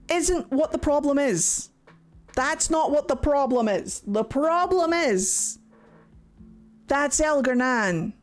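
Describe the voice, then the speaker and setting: Excitable swearing woman, lively high voice. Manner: swearing, mocking, excitable, swings between shrieks and low grumbles. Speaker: streamer reacting to a game. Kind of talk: casual reaction commentary.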